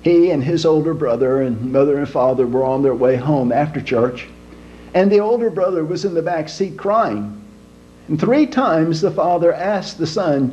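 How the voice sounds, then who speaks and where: A man telling jokes in a folksy, unhurried way, his voice slightly high but soft and mellow. The recording sounds dull and lo-fi, with a faint hum running underneath. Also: expressive. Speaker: joke teller.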